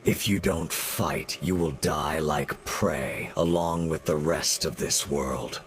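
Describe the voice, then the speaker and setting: A woman voicing a mysterious, ominous female entity in a video game cutscene, with slow, probing and menacing questions. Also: very deep voice, exaggerated voice.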